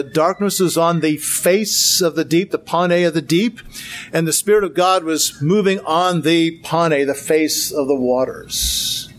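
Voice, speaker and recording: A man giving a Bible lecture with slides, earnest, asking rhetorical questions and repeating words for emphasis. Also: fairly high pitch. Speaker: Bible teacher.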